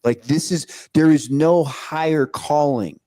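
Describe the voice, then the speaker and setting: A veteran man co-hosting a casual podcast, talking intensely and profanely, with halting phrasing. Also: fairly high pitch, warm tone. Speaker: co-host, veteran.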